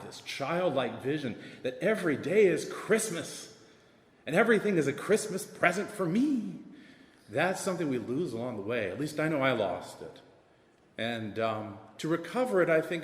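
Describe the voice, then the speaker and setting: Southern-accented man in an echoey hall. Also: mid-range voice. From American South. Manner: wordy and animated, with self-deprecating jokes. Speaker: assistant principal. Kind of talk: panel talk. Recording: echoey hall with long reverb.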